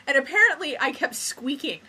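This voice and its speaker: Bright-voiced, foul-mouthed woman podcaster. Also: high-pitched, expressive, fairly quick. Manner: crude, frank and giggly. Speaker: podcast co-host. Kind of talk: casual chat.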